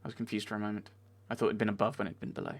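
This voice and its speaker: A man's voice: fairly low pitch, level tone, very fast. A man giving let's play commentary, talking back to the game characters and getting easily exasperated. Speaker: video game player.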